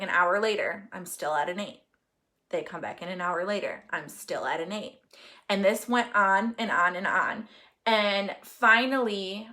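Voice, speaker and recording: A woman's voice: mid-range voice, a bit bright. A young woman talking casually on a live stream, telling a long personal story with lots of fillers and asides to viewers. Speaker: host of a live Q&A.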